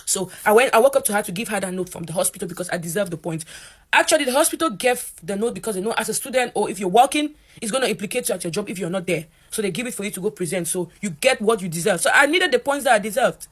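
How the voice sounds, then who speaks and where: A young woman from Africa, a college student, ranting to camera in an animated storytime. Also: fast. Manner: animated, voices quotes in a higher pitch.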